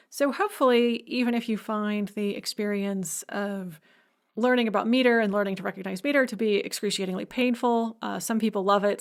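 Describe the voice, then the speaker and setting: A woman instructor speaks in a recorded lecture with a voice of middle pitch. She explains step by step and sometimes hums rhythm patterns aloud to make a point.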